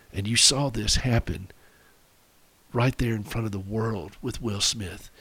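A middle-aged man hosting a radio show for caregivers, talking earnestly and confessionally and slowing down to read quotes and scripture. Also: mid-range voice, a bit bright, breathy edge. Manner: earnest, confessional, reads quotes slowly and deliberately. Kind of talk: reflective radio talk with scripture readings.

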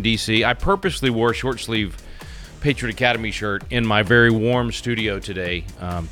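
Male talk radio co-host, bright voice, playful banter, faint music under. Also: lowish voice. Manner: jokey, upbeat, frequent restarts. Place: home radio studio.

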